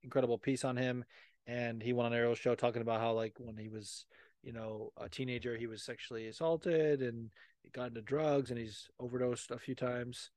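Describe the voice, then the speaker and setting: A man hosts a podcast in a rambling, casual way, packed with swearing and fillers. His voice sits at a middling pitch. The studio sound is dry and close. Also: steady tone, fairly quick, darkish tone, no room sound. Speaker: podcast host. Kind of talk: casual chat.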